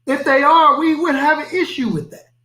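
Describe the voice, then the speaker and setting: A man's voice: very high-pitched, normal speed, bright, forceful tone. A man hosting a live reaction stream, talking to viewers in an emphatic, skeptical way. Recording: echoey room.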